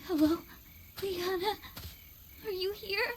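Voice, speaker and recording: A woman's voice: takes it slowly, slight background noise. A woman voicing a desperate young girl. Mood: pleading. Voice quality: high childlike voice. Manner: pleading, breaking into breathy whispers. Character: young girl, desperate, searching for her lost friend. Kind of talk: game voice acting.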